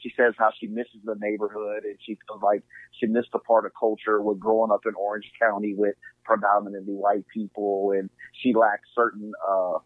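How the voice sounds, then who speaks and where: A man's voice: lowish voice, flat delivery, moderate pace, no room sound. Earnest man on a tinny line. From Inglewood, California. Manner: earnest, heartfelt, filler-heavy. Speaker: podcast guest. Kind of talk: casual conversation. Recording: tinny phone-like line, dry.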